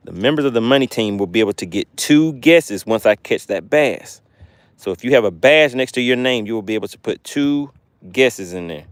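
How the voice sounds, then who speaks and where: Out by the water, a Southern-accented man from Georgia runs a fishing livestream, casually talking with viewers and going through their comments. His voice is medium in pitch and animated, at a normal speed, captured in a dry recording.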